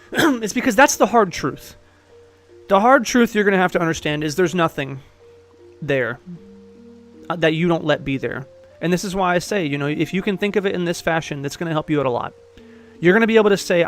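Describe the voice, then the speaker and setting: A man's voice: high-pitched, animated, a little fast, fairly bright tone, soft background music. A man giving casual life-coaching advice, blunt and profane, pressing his listener with direct questions. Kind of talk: casual one-on-one advice talk.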